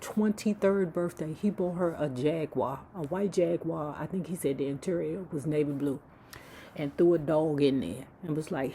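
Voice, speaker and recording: Brief: low-pitched woman, sassy gossip host, profane asides, faint noise behind. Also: normal speed, mellow. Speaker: YouTube book club host. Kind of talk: casual gossip storytelling.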